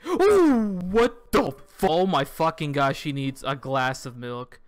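A man's voice: a little high, moderate pace, hardly any pauses, clear, resonant tone, soft background music. A young man playing a visual novel, reading its text aloud and breaking off into sudden, profane outbursts of surprise. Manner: excitable, swears a lot, reads game text aloud then reacts with sudden shouts. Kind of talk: let's play commentary.

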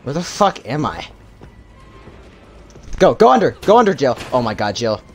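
A young man commenting on his gameplay with loud, panicky, swearing outbursts. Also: mid-range voice, big pitch swings, normal speed, soft background music. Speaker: gamer streamer.

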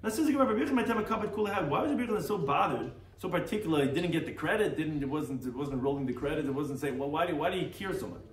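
A man with a fairly high voice talks very fast, barely pausing, while teaching a daily Talmud class as a rabbi. He reads Aramaic phrases, explains them in English and acts out the sages with animation. The sound is echoey, far-miked and faintly noisy.

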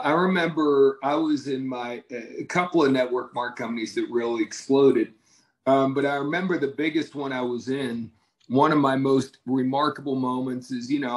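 A man's voice: medium pitch, rough recording. A man leading a company, giving an enthusiastic, conversational motivational talk to his team.

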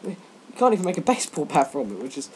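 Teen boy gamer, jokey rambling commentary, lively swoopy pitch, sudden yelps, faint typing behind. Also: quick pace, slight background noise. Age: teens. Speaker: let's play gamer. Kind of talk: gaming commentary.

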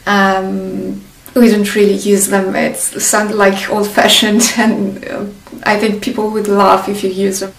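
Slow Northern Italian woman teaching. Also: mid-range voice, monotone, gravelly, reverberant, far from the mic, rough recording. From northern Italy. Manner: slow and deliberate, drilling words with pauses. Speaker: language teacher. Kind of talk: slow spoken language lesson.

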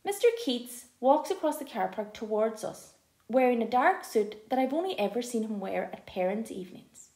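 A woman reading a first-person audiobook aloud in an expressive, lively storytelling manner. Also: fairly high pitch, moderate pace. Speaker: audiobook narrator. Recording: echoey room.

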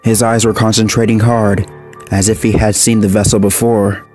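A man reading a dark horror story aloud in a steady, measured narration. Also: lowish voice, soft background music.

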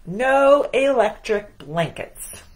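A woman voicing a grumpy, stubborn farmer who bursts out in loud indignation, for a children's storybook. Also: fairly high pitch, big pitch swings, slow pace, voice pushed up. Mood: indignant.

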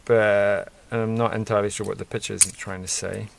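A man's voice: lowish voice, little pitch movement, fairly quick, creaky, a little hiss or hum. A man casually rambling and musing aloud as he builds a toy set, mildly self-deprecating.

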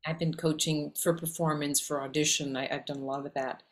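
A woman from Canada with a Canadian accent, an actress and acting coach talking animatedly in an interview, often rattling off lists. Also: sits low. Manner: animated, talks in quick lists. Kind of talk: casual interview conversation.

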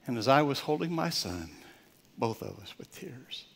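An older male pastor preaching a Father's Day sermon, swinging from loud, emphatic points to soft, near-whispered storytelling. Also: mid-range voice, sing-song, normal speed, creaky.

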